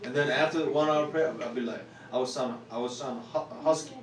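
A man with a Korean accent, a pastor preaching a sermon in an earnest, repetitive way that builds to loud exclamations. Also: medium pitch, a little fast, crowd noise. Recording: roomy church hall, distant mic.

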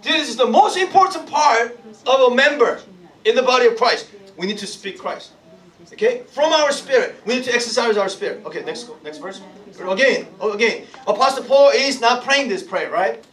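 High-voiced playful preacher in an echoey hall. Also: male voice, expressive, normal speed, a bit bright. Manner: playful, teasing, laughs often, calls for responses. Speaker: pastor leading Bible study. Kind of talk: interactive sermon with congregation. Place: church hall with congregation. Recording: echoey room, from far off, crowd.

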